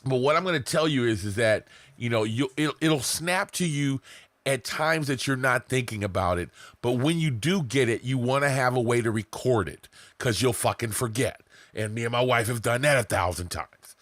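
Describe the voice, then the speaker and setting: A man's voice: mid-range voice, lively intonation, normal speed, fairly bright tone, no echo. Profane rambling man coaching marketers. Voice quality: profane, rambling, self-mocking. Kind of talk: casual teaching to camera.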